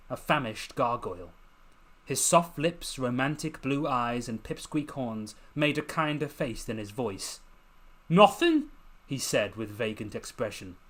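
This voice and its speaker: Brief: male author-narrator, mid pitch, slow dramatic storybook reading. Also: fairly bright tone. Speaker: author reading his novel. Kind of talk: scripted narration.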